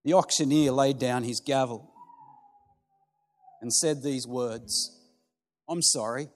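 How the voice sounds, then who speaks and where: A man telling a parable in a sermon, in a slow, dramatic storytelling way. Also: mid-range voice, fairly even intonation. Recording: long hall reverb with soft music.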